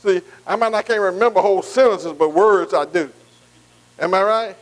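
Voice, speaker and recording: A man's voice: high voice, normal speed, poor audio. A man preaching a call-and-response sermon, asking "am I right?" again and again. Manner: repeats "am I right?" to the congregation.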